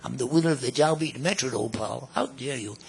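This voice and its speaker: A man in his nineties voicing a haughty, indignant male jazz musician in a told anecdote, with a husky voice. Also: mid-range voice, fairly quick, slight background noise, pitched below the performer's own voice, natural voice. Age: 90s. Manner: pompous, affronted.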